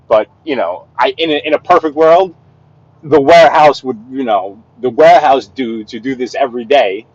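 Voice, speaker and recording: In a moving vehicle, a man with a mid-range voice vents to his chat on a live driving vlog, ranting in exasperation and saying the same things over. He's a livestreamer and sales rep, and the audio is dull.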